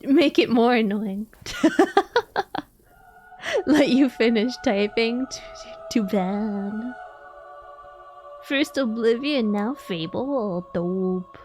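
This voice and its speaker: A woman's voice: a little high, drawn-out words, pauses often, a little mellow, soft background music. A young woman streaming a game live, chatting casually, laughing often and answering her chat.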